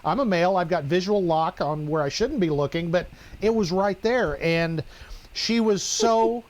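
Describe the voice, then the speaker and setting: High-voiced wry ex-cop storyteller. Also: male voice, normal speed. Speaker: podcast co-host, former police officer. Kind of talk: casual storytelling chat.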